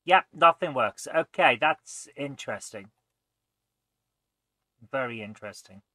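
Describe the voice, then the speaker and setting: A man hosting a let's play, thinking aloud and muttering as he tries things, often trailing off quietly. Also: mid-range voice, animated, unhurried, no echo. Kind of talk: gameplay commentary.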